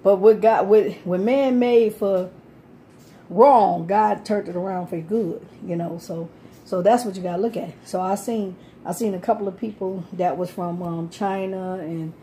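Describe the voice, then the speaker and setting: A woman's voice: medium pitch, a little slow, mellow, slight background noise. A woman, talking casually about her life on the street, rambling, laughing often and swearing freely. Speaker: homeless person telling her story.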